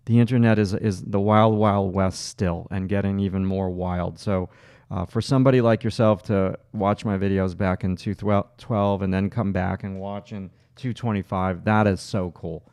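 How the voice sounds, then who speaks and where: A low, gravelly man with a Long Island accent talks through a drawing demo. He thinks aloud as he works, breaking off into fillers and restarts. The sound is dry and close. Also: steady tone, measured pace, darkish tone, no room sound. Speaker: art instructor. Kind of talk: livestream drawing demonstration.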